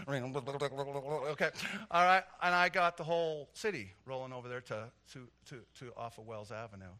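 A middle-aged man preaching a sermon, telling stories with animated energy that swells into loud, emphatic preaching. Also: mid-range voice, normal speed. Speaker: pastor.

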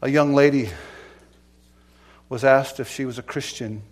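A man preaching a sermon as pastor, emphatic and earnest, swinging between loud declarations and hushed pleading questions. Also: medium pitch, fairly even intonation, unhurried.

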